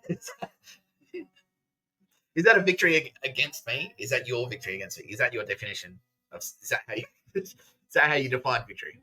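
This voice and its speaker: Male podcast host, bright edgy tone, profane sarcastic rant with laughs. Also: mid-range voice, lively intonation, brisk, pauses often, low-quality recording. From Australia. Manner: profane, sarcastic, laughs through his words. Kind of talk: casual ranting monologue.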